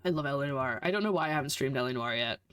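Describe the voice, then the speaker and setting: A woman's voice: extremely low pitch, racing, a bit bright, clean tone, no echo. Sarcastic woman streamer. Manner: sarcastic, exasperated at the game. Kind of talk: casual gameplay commentary. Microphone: desk microphone. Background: game audio.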